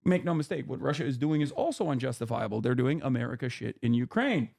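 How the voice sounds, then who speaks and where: A male streamer explaining politics in a heated, animated, profane way. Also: mid-range voice, fast talker, vocal fry.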